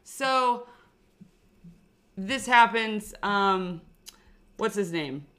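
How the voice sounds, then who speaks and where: A woman's voice: mid-range voice, animated, very slow, a bit bright, clear, resonant tone. A young adult woman co-hosting a podcast, recapping wrestling in casual chat with emphatic, exasperated ranting. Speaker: podcast co-host.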